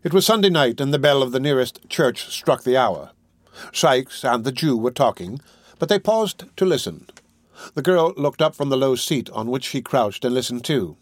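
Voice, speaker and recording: Steady male audiobook narrator, dry sound. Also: mid-range voice, no echo. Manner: measured, steady reading. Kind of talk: scripted narration of a classic novel.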